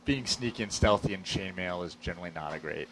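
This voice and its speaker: A man's voice: deep voice, lively intonation, normal speed, fairly bright tone, slight background noise. A man playing a tabletop game, joking playfully with the group. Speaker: player. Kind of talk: casual game chat.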